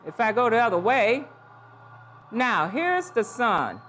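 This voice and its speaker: Animated woman presenting with flair. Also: fairly high pitch, takes it slowly, a little hiss or hum. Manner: animated, playful, exclamatory. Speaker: conference presenter. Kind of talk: live conference presentation. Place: conference session room.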